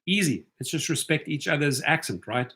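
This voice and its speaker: A man with a fairly high voice and a bright, forceful tone hosts a casual livestream. He talks loosely to his viewers and keeps checking in with "right?" as he goes. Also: animated, normal speed. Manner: chatty, keeps asking "right?". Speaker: rideshare channel host.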